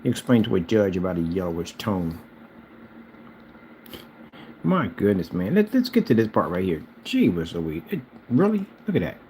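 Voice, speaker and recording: Mocking, combative man with a lively voice. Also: sits low, moderate pace, long pauses, a little hiss or hum, rough recording. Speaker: screen paint seller. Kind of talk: heated reaction rant.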